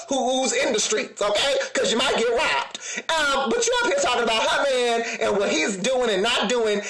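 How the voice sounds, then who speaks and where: A man's voice: high-pitched, reverberant. A man giving a sassy, laughing commentary, talking straight to his viewers. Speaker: reality TV reviewer.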